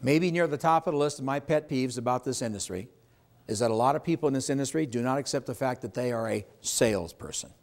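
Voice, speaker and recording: At a live sales training seminar, a man teaches real estate agents, stressing his points and putting questions to the crowd. He talks fast in a gravelly, mid-range voice.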